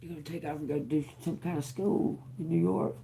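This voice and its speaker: A woman's voice: low-pitched, fairly even intonation, brisk, vocal fry, mellow. A woman giving a casual livestream tarot reading to her viewers, chatty, laughing often and swearing freely. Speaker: tarot reader.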